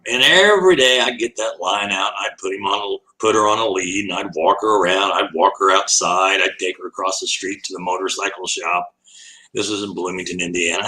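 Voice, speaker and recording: A man's voice: lowish voice, pushed and bright, low-quality recording. An older man, an animal educator, telling a long anecdote as an interview guest, laughing often and acting out the voices in his story.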